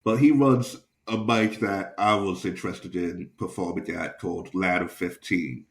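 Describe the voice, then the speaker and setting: A man's voice: deep voice, steady tone, a little slow, echoey room. A young man and stand-up comedian, hosting a podcast and telling a profane anecdote in a casual, chuckling way.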